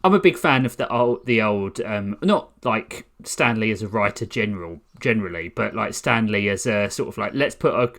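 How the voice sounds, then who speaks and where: A man's voice: fairly low pitch, expressive, moderate pace, few pauses, a bit bright. A man in his forties co-hosting a podcast in casual chat, rambling and correcting himself as he goes. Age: 40s. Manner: rambling, self-correcting, fillers. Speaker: podcast co-host.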